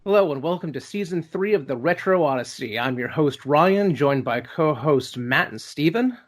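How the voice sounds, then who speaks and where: A man's voice: a little high, expressive, moderate pace, soft background music. A young man hosting a casual podcast, chatty and jokey, often stopping to correct himself. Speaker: podcast host. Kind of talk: casual chat.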